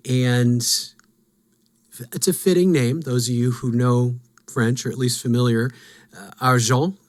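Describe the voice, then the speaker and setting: A man's voice: medium pitch, fairly even intonation, takes it slowly, darkish tone. Musing man talking lore. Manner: musing, self-deprecating. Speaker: podcast host. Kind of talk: casual lore talk.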